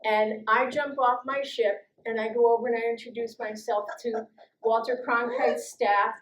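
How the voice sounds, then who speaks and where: A middle-aged woman telling a personal story, lively and acting out the voices of the people in it. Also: normal speed, roomy sound, a little hiss or hum, rough recording. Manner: lively, acts out quoted voices with big jumps in pitch and loudness. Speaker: storytelling guest speaker.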